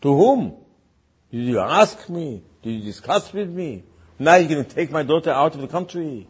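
Rabbi, man, husky, slightly high voice, incredulous scolding lesson. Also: lively intonation, brisk. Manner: incredulous, scolding, rhetorical questions, broken English. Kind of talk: animated Torah class, retelling with mock dialogue.

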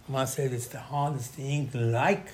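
A middle-aged man giving an animated Torah sermon, acting out quotes with sudden loud bursts. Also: medium pitch, normal speed. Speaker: rabbi.

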